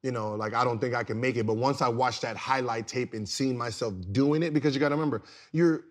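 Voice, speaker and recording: A man in his thirties, a former pro basketball player, telling stories on a podcast in a casual, slangy way that turns loud and laughing. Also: medium pitch, fast talker. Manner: animated, slangy, repeats words, gets loud and laughs while telling stories. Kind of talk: casual storytelling.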